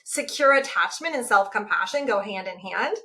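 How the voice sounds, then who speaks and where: A woman in her forties talking casually about parenting as a guest, animated and acting out the voices she uses. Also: medium pitch, moderate pace. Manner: animated, acts out her own inner voice. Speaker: guest, self-compassion teacher. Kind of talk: casual podcast conversation.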